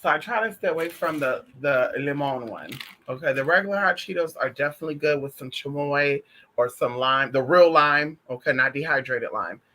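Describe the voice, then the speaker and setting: A man chatting casually on a stream, sassy and animated, calling listeners honey and girl, swearing freely as he tells stories. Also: a little high, normal speed. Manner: profane and emphatic. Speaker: spiritual vlogger. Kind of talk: casual livestream chat.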